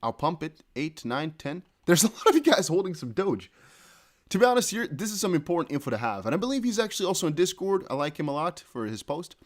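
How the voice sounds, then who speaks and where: Rapid-fire excitable male stream host. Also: fairly high pitch. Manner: excitable, thinks aloud, reads viewer chat and tweets aloud. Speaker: crypto news livestream host. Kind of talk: casual live-stream commentary.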